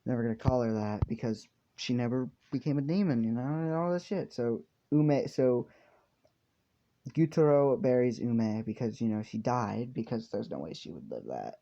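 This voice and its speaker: Guy rambling thru a fan story, swears a lot, um-ing, gravelly mellow voice, lo-fi indoor sound. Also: mid-range voice, animated, normal speed. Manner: rambling, swears, many fillers. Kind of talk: casual storytelling. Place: hot room indoors. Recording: dull lo-fi home recording.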